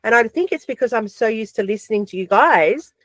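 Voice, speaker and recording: A woman with an Australian accent, a podcast guest telling stories in a chatty, animated way with lots of fillers. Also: fairly high pitch, brisk, no room sound. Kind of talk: casual chat.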